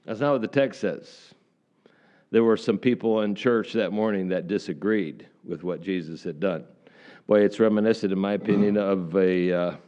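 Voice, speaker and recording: Male pastor, middle-aged, low voice, folksy sermon, rhetorical questions. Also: darkish tone. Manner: folksy, asks the congregation questions. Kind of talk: conversational sermon.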